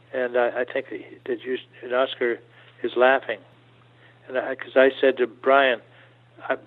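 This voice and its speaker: An older man tells his stories at an ordinary middle pitch. He keeps stopping, restarting and doubling his words as he talks. His voice comes through a thin, tinny, phone-like line. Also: flat delivery. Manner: halting, restarts and repeats words. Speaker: guest. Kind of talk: storytelling interview.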